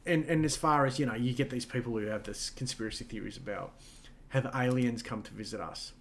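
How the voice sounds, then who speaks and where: Casual podcast co-host, middle-aged man, mid-pitched, rambling and profane. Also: fairly quick, a bit bright. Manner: rambling, swears freely, many fillers. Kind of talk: casual chat.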